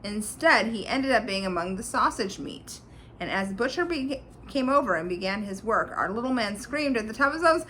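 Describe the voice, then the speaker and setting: A woman reading a storybook aloud to a child, animated and pointing out the pictures as she goes. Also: medium pitch, normal speed, slight background noise, low-quality recording.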